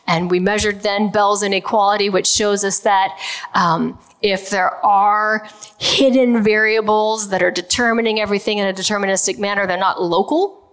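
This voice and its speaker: A woman giving a conversational physics lecture to a live audience, checking in with listeners and laughing lightly now and then. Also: medium pitch. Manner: conversational, explains with everyday examples, checks in with "okay". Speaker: physicist giving a public talk.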